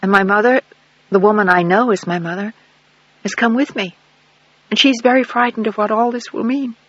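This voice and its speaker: A man reading a quiet pleading sister, pitched higher. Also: fairly even intonation, normal speed, no echo. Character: gentle grown woman, a pleading sister. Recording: dull lo-fi dry recording.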